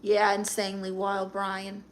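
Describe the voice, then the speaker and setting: A woman's voice: mid-range voice, monotone, measured pace, a little hiss or hum. A woman with a Brooklyn accent hosting a comedic phone live stream, reading chat comments in a brash, sassy manner. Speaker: livestream comedian.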